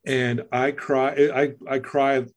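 On an interview podcast, a male guest with an ordinary mid-range voice earnestly shares a personal story. His delivery is flat and slow, yet plain emotion comes through.

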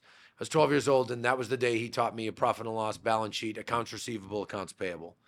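A Massachusetts podcast guest who owns a real estate brokerage speaks fast in a fairly low, steady voice. In a casual interview he drifts through childhood stories, filling them with fillers and restarts.

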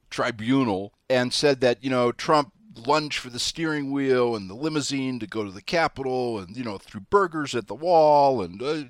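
A man's voice: medium pitch, no echo, studio quality. A man hosting a political talk radio show, delivering an opinionated, folksy commentary monologue.

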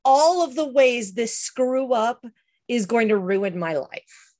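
A woman's voice: fairly high pitch, lively intonation, slow, darkish tone. A middle-aged woman talking casually, hesitant, with many restarts and fillers. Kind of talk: casual chat.

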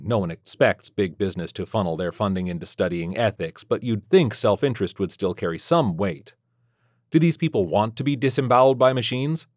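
A man narrates a scripted first-person story with sardonic, dry wit. His voice sits fairly low. The recording is close and completely dry, with no room sound. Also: a little mellow, no room sound.

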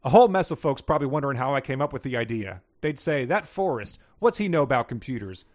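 A man reading aloud in the voice of a slow-witted Southern man, with a put-on Southern accent and folksy, ungrammatical speech. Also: medium pitch, big pitch swings, a little mellow, no room sound, studio quality, close to an everyday voice. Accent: American Southern, put on. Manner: folksy drawl with broken grammar.

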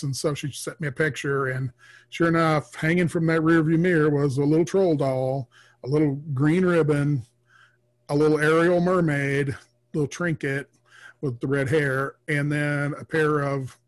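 A middle-aged man speaking as a podcast guest, telling rambling stories full of filler pauses. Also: a little high, fairly even intonation. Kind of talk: casual storytelling interview.

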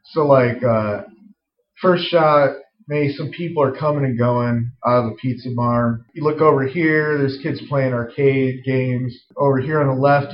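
Rambling man pitching a movie scene. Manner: rambling, full of "like" and "uh", profane. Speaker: screenwriter pitching a story. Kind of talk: casual rambling story pitch. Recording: roomy, dull lo-fi recording.

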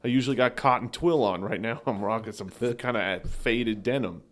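A man co-hosting a comedy sports podcast, telling rambling stories in an animated way that often breaks into laughter. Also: medium pitch, fairly quick. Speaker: podcast co-host. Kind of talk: casual comedic sports chat.

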